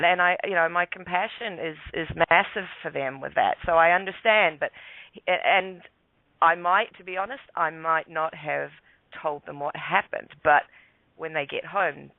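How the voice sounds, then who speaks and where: A man's voice: fairly high pitch, normal speed, creaky, no room sound. Chatty man telling a story over a phone line. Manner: rambling, many fillers and restarts. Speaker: guest. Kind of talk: casual storytelling. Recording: dry tinny phone line.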